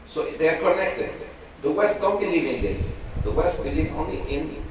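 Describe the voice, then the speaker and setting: A man's voice: a little high, expressive, moderate pace. A man teaching a religious class in a conversational way, acting out voices while telling stories. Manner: conversational, acts out quoted voices in a story. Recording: echoey room from far off, noisy.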